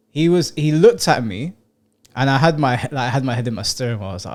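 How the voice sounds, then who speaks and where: Young male podcast co-host, blunt and profane, in an animated storytelling style. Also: medium pitch, fast talker. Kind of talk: casual chat.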